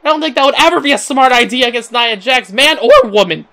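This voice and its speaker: A young man giving excitable play-by-play wrestling commentary, his voice cracking, with frequent exclamations and chuckles. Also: very high voice, fast, slight background noise. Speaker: amateur commentator.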